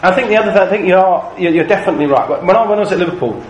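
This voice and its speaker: A British man leading a training session for Christian youth workers, talking in a lively, animated storytelling way. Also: sits high, rapid-fire, dull audio, a little hiss or hum. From Britain. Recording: echoey room, faint ambience.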